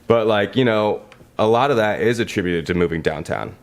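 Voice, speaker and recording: Guy guesting on a podcast, low deep voice, easygoing about his gym. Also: animated, fairly quick. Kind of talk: casual interview answers.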